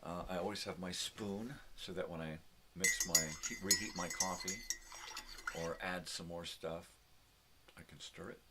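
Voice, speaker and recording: A man's voice: sits low, fairly even intonation, normal speed, very noisy. An older man hosting a casual morning video from his home, coaxing his dogs and ranting with a lot of profanity. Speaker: vlog host.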